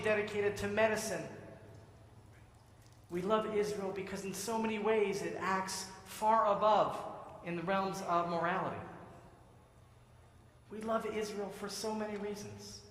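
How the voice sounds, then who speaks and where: High bright-voiced rabbi giving a sermon, joking around, big echoey sanctuary. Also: male voice, slight background noise. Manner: joke-telling preacher, quoting voices in a punchline rhythm. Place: synagogue sanctuary. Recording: echoey sanctuary with long reverb.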